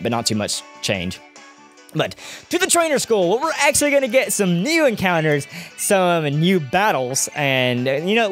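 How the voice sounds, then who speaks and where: A young man doing let's-play commentary, chatty and rambling, often drifting off on tangents. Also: fairly high pitch. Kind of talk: video game commentary.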